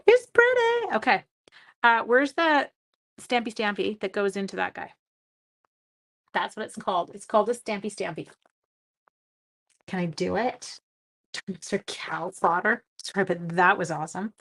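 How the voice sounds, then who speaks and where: A woman's voice: medium pitch, a bit bright. A middle-aged woman from Canada hosting a papercraft live stream, chatting casually and self-deprecatingly with viewers while she works. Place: home craft room.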